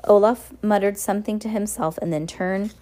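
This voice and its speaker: Lady reading a book out loud, mellow voice, trips over words and fixes them. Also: mid-range voice, normal speed. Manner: casual, stumbles and self-corrects. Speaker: reader. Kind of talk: reading a novel aloud.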